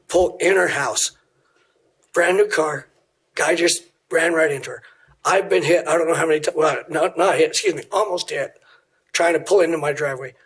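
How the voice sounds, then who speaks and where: A hoarse middle-aged man giving blunt, pointed public comment at a city meeting, asking pointed questions into a podium microphone. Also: on the high side, fairly bright tone. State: hoarse, losing his voice.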